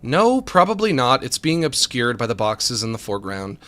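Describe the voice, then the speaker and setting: A man's voice: mid-range voice, very animated, normal speed, fairly bright tone. A man streaming a co-op game, joking and chatting casually with his partner as he plays. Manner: joking, talks to his co-op partner while playing. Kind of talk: casual let's-play chatter.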